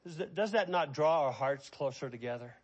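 Male pastor, sermon delivery, slightly high voice, slow stressed phrases with hushed fast asides. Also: lively intonation, breathy edge. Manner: preaching with slow drawn-out emphasis and sudden quiet asides.

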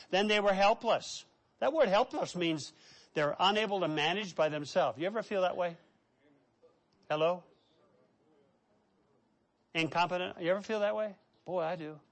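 A man preaching a sermon, listing words for emphasis, asking the congregation questions and dropping from loud declarations to soft asides. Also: sits high, moderate pace, long pauses. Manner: emphatic word lists, direct questions to the congregation.

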